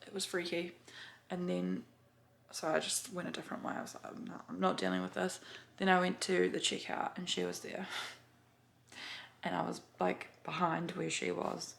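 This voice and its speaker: A woman's voice: on the low side, gravelly. A woman chatting casually to camera, full of fillers and swearing as she tells a story. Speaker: vlogger.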